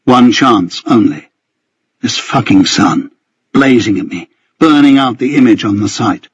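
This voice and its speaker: A man's voice: mid-range voice, animated, moderate pace, husky, lo-fi sound. A man reading a first-person thriller as an audiobook narrator, in tense, vivid storytelling.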